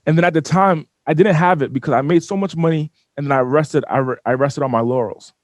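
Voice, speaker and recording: A man telling a personal story as an interview guest, animated and often repeating and restarting his words. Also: on the high side, fast talker, no echo. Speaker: business owner guest. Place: studio.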